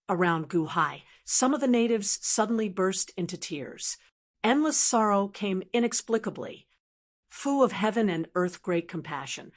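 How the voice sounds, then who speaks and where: A woman narrating a fantasy novel audiobook at a mid pitch. Her reading is steady and even, with a scripted storytelling delivery.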